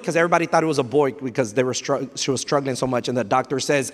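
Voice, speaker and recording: Man pastor preaching, kinda high voice, lots of stammers and restarts, spanish bits thrown in, long church reverb. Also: fairly even intonation, quick pace, hardly any pauses. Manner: emotional storytelling with many restarts and stammers; mixes in Spanish phrases. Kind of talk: sermon. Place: church hall. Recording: live sermon with long hall reverb.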